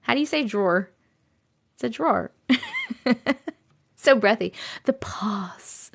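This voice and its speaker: A woman's voice: a little high, animated, measured pace, gravelly. A woman with a New York accent hosting a casual livestream chat from home on a phone, giggly and playful. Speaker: livestream host.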